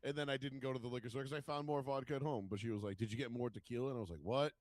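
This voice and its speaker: A man's voice: medium pitch, racing, no echo. A man, telling stories in casual podcast chat and swearing freely. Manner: storytelling, swears freely, acts out quotes. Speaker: podcast co-host.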